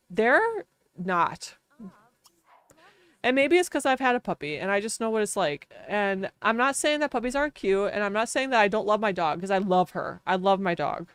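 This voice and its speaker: Smooth-voiced woman chatting on stream. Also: medium pitch, no room sound. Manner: rambling, self-mocking storytelling. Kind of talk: casual chat while streaming a life-sim game.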